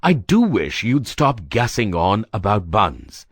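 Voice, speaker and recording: A jittery, fussy young man from a storybook, as a woman reader puts him on, pitched low for her and swinging widely between deep and high notes. He speaks slowly and edgily in a dry, close sound, snapping when annoyed and quavering when scared. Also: sing-song, breathy edge, no echo, full character voice. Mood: irritable. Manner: nervous and irritable.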